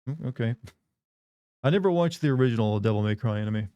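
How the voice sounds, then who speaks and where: A man riffing with his live chat in loose, joking banter. His voice is warm and mellow at a middling pitch. He is recorded close and dry on a desk mic. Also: animated, fast, clear, resonant tone, no echo, lo-fi sound. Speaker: livestream host. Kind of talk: casual live-stream chat.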